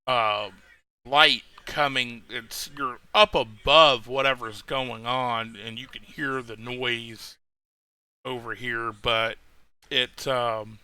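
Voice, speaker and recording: A man's voice: mid-range voice, steady tone, slow, pushed and bright, clear, resonant tone. A man narrating as game master of a tabletop game, rambling, with many fillers and restarts.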